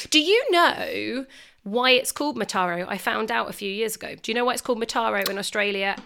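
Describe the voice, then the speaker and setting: A woman's voice: on the high side, animated, moderate pace, vocal fry, sharp tone. A woman hosting a podcast as a sommelier, chatting casually and laughing easily. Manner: bubbly, laughs readily.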